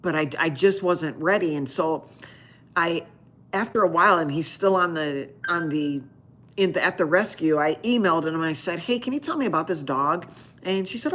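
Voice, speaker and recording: Low-voiced woman chatting on a livestream. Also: lively intonation, normal speed, a bit bright. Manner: rambling storytelling with many restarts. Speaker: doctor hosting a live Q&A stream. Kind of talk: casual chat with live viewers.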